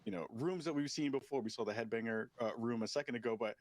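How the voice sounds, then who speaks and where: A man's voice: medium pitch, fast talker, dry recording. A man interviewing game developers, enthusiastic as he leads the conversation. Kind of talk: interview questions.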